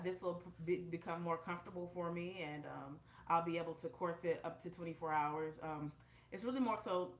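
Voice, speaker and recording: A woman's voice: fairly low pitch, echoey room, a little hiss or hum. Chatty slightly breathless woman vlogger. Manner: chatty, direct, addresses viewers. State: a little out of breath. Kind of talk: casual vlog, demonstrating on camera. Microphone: camera propped up in front of her.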